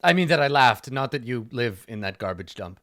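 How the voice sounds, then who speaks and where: A man voicing a gruff fire-genasi smith. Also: mid-range voice, animated, brisk, sharp tone. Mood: flustered. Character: burly male fire genasi smith, brusque.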